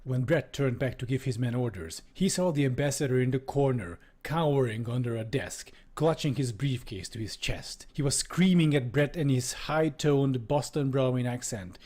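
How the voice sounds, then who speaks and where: A man's voice: mid-range voice, moderate pace, darkish tone. A man streaming, reading a book aloud and commenting on it in a casual tone, with lots of swearing and laughter.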